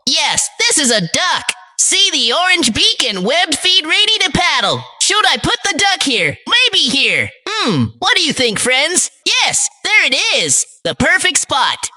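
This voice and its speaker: Bright, sing-song woman teaching preschoolers. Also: high-pitched, wildly swooping pitch, unhurried, hardly any pauses, no room sound. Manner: cheerful, sing-song, speaks to children. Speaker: children's presenter. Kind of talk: scripted preschool lesson narration.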